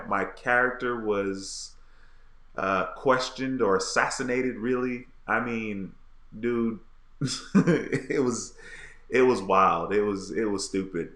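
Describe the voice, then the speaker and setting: A man's voice: lowish voice, pushed and bright. Laid-back man, echoey room. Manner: laid-back, frustrated, slangy. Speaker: livestream host reading viewer comments. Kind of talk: casual livestream chat.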